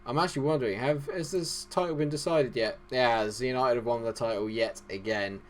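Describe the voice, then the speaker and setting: A man giving excited, hoarse commentary on his football management game, swinging from glum muttering to shouted outbursts. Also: medium pitch, fairly quick, a little hiss or hum. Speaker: gaming YouTuber.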